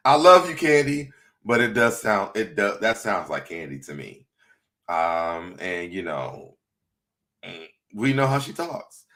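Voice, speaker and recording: A man's voice: on the low side, sing-song, slow pace, pauses often, fairly bright tone. A man hosting a casual livestream, chatty and laughing often as he reads viewer comments aloud. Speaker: livestream host.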